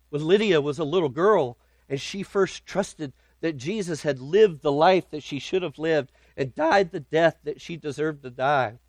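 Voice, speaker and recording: A male pastor delivering a sermon, his voice sitting a touch higher than most men's. He tells his story earnestly and builds dramatic emphasis. The sound is dry and close, with no room around it. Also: dry recording.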